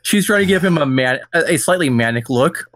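A man's voice: on the high side, animated, brisk, fairly bright tone, no echo. A man playing his character in a tabletop role-playing game, speaking formally and earnestly in character. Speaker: player.

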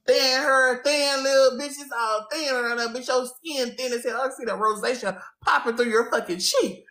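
A woman's voice: high-pitched, normal speed, few pauses, a bit bright, roomy sound. Woman ranting profanely on a live stream. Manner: profane, insulting, dramatic rant. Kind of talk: comedic ranting livestream.

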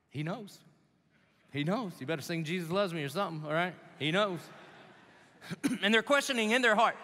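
Bright-voiced preacher in a big hall. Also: male voice, lively intonation, normal speed, long pauses. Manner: conversational preaching with dramatic swings from low asides to loud emphatic bursts. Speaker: pastor. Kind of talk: sermon. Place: large church hall. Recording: live sermon in a reverberant hall.

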